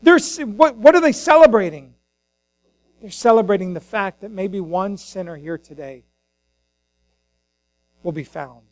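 A man's voice: sits high, measured pace, pauses often, dry recording, poor audio. A man preaching an Easter sermon as a pastor in church, impassioned and acting out the voices in the scripture he reads.

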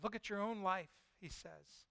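A male pastor preaching a sermon and retelling a scripture story with lively storytelling. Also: sits high, normal speed, gravelly, smooth, no room sound. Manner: lively storytelling, voicing God and Jonah in quotes.

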